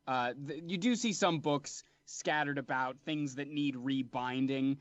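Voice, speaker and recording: Relaxed male dungeon master narrating; lo-fi, dry mic. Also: medium pitch, a little slow, hardly any pauses, no room sound. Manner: descriptive, relaxed, with fillers. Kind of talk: narrating a tabletop game.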